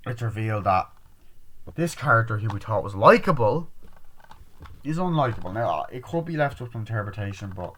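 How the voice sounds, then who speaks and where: A young man giving a casual, rambling movie review, swearing freely and acting out scenes in quick quoted voices. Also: on the low side, lively intonation, a bit bright.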